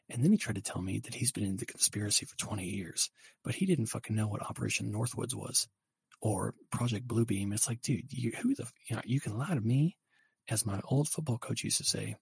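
Brief: husky, gravelly young man, rambling and profane, livestream host on a dry close mic. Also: on the low side, quick pace, dry recording. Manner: rambling, profane, animated storytelling. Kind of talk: casual livestream chat.

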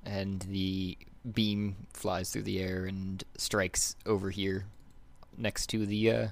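A man running a tabletop game as game master, halting as he reads rules aloud. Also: low voice, level tone, creaky.

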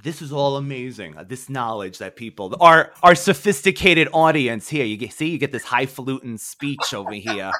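A man with a New York accent hosts a relaxed interview. His voice sits in the middle range, and he encourages his guest eagerly. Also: mid-range voice, moderate pace, hardly any pauses. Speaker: podcast host. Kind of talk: casual interview chat.

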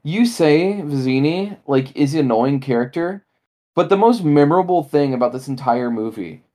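A woman co-hosting a podcast, chatting casually and in a rambling way about a movie, acting out lines. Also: normal speed. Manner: animated, rambling, acts out lines in high voices. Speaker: podcast co-host. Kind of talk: casual movie review chat.

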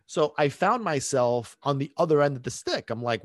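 A man's voice: a little high, very animated, normal speed, dry recording, clean studio sound. Rambling man telling a personal story. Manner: rambling, many restarts and fillers. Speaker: dog trainer.

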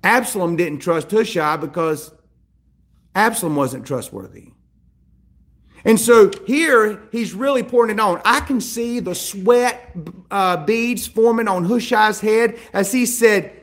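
A man preaching a sermon, reading scripture and acting out the characters' lines with animated delivery. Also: high voice, unhurried. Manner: animated, acts out biblical characters in quoted dialogue. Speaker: pastor.

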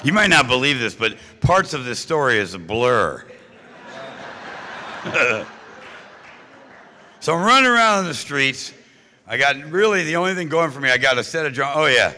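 A man gives a funny, candid personal talk to a live audience. His voice is very bright and forceful, with a punchy delivery that keeps turning to the crowd with quick questions. The long reverb of a big hall trails behind every line. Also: medium pitch, very animated, slight background noise. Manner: punchy and joking, keeps asking the audience "right?" and "you know?". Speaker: speaker at a recovery meeting.

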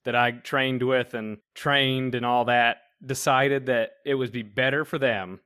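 A man's voice: mid-range voice, fairly even intonation, unhurried, sharp tone, smooth. A man joining a casual chat with joking asides.

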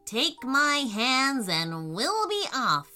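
A woman voicing a friendly little green male alien who speaks in a gentle, reassuring way. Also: high voice, sing-song, drawn-out words, faint music behind, pitched above the performer's own voice, full character voice. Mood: calm.

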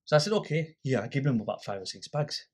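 A man's voice: mid-range voice, sing-song, quick pace, breathy edge. A man, a guest in an interview, animatedly telling a story and acting out the dialogue. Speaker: guest, volunteer litter picker.

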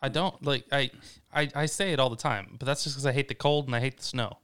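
A man's voice: medium pitch, steady tone, quick pace, a bit bright, clear, resonant tone. A man co-hosting a podcast, laid-back and reasoning things through, a bit defensive. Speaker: podcast co-host. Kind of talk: casual chat.

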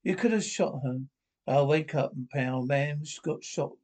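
An actor playing a gruff, belligerent middle-aged husband who loves his guns. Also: a little high, a little slow, darkish tone. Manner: blustering, belligerent.

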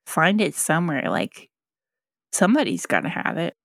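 A woman's voice: lowish voice, wildly swooping pitch, creaky, no echo. Chatty woman podcast co-host, dry sound. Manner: chatty, laughs often, quick asides. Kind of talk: casual chat.

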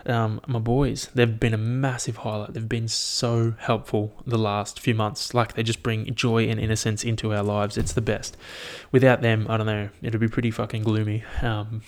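A young man, chatting casually on his own about his year, rambling, swearing often and laughing at his own stories, recorded on a headphone mic. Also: on the low side. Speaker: vlogger. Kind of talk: casual solo year-review chat.

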